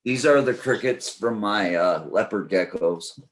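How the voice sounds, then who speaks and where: A man in a casual group chat with a somewhat low voice. He tells stories with a dry, joking delivery. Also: measured pace.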